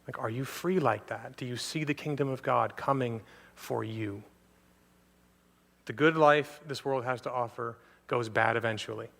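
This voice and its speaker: Bright, tense-voiced man preaching in a reverberant hall. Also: medium pitch, moderate pace, creaky. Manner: earnest, repeated direct address to listeners. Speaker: pastor. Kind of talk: sermon. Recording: long hall reverb from a church.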